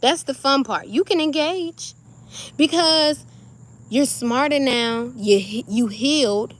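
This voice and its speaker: Playful, animated woman with a slangy drawl. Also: high voice, slow. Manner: animated, playful, slangy, laughs often, acts out little scenes. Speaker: spiritual vlogger. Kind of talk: casual spiritual pep talk to camera.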